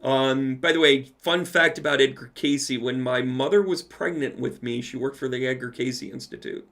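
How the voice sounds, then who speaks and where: A man with a gravelly, creaky voice at an ordinary middle pitch hosts a loose livestream Q&A. He reads viewers' comments aloud and chats back to them with quick, playful asides. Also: fairly bright tone. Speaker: medium answering live chat questions. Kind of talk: casual livestream Q&A.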